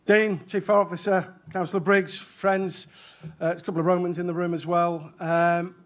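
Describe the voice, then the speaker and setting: A man's voice: high voice, little pitch movement, normal speed, a bit bright. Joking British man giving welcome speech. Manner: joking, self-deprecating, chatty. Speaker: chair of rescue organisation, event speaker. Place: function room at a stadium.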